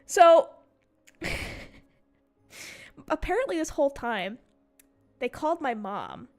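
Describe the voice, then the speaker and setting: A young woman in her twenties with a high, bright-sounding voice tells a story casually while playing a game. She talks in an animated way, swears freely and slips into the voices of the people in her story. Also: normal speed, soft background music. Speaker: gaming streamer.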